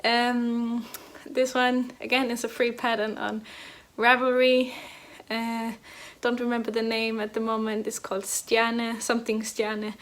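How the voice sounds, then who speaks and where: A woman's voice: fairly high pitch, completely flat delivery, a little slow, fairly bright tone. Chatty young woman, rambling with fillers. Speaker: knitting podcast host. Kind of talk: casual chat. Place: home.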